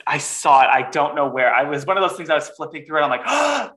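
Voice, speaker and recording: A man with a slightly high voice talks in a casual podcast chat. He is animated and theatrical, and he swears freely. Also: brisk. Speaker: podcast co-host.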